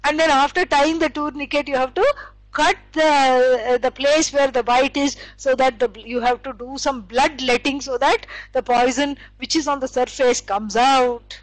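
A woman's voice: high-pitched, steady tone, moderate pace, no room sound, poor audio. A woman teaching scripture, explaining with stories and acted quotes, using many fillers. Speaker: spiritual teacher. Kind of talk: scripture lecture.

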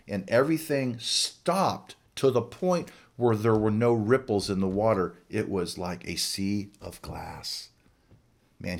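Middle-aged preacher guy, goes quiet and whispery then loud and urgent, big swings. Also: mid-range voice. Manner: dramatic swings from hushed whispers to loud exhortation. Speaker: pastor. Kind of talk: sermon.

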